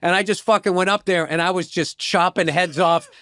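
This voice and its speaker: A man's voice: sits high, fairly even intonation, fairly quick, bright, forceful tone, dry recording, clean studio sound. Profane, rambling storytelling man. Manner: rambling, profane, trails off into asides; acts out voices of people in his stories. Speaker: stand-up comedian, interview guest. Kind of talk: casual storytelling chat.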